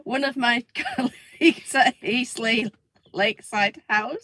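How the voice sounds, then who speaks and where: A woman's voice: a little high, slow, bright, forceful tone. A middle-aged woman co-hosting a livestream, reading out viewer comments and laughing often as she goes. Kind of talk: casual livestream chat.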